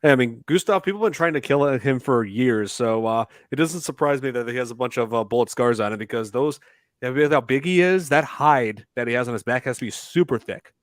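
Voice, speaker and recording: A man's voice: medium pitch, animated, brisk, no room sound. Give me a male podcast co-host with an ordinary mid-range voice, heard dry and near the mic. He jokes about movies in a loose, filler-heavy way. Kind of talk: casual horror podcast chat.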